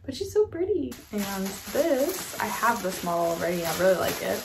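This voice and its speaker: A woman's voice: mid-range voice, sing-song, normal speed. A woman hosting a casual unboxing vlog, chatty and gushing, with lots of filler words. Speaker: vlogger unboxing model horses. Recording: echoey room with faint background noise.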